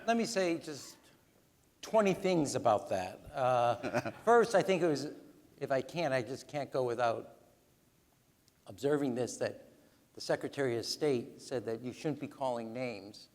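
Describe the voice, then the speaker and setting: Animated guy in his 60s on stage, average pitch, big echoey hall. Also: a little slow. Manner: animated, emphatic, counts off points. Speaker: guest speaker, former ambassador. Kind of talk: onstage conversation. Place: large event hall. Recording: long hall reverb.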